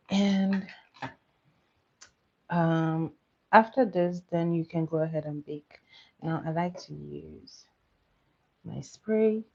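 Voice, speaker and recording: A woman's voice: low-pitched, gravelly, darkish tone. A young woman doing a casual livestream makeup tutorial, chatty, laughing often and asking her viewers questions. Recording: dull lo-fi audio.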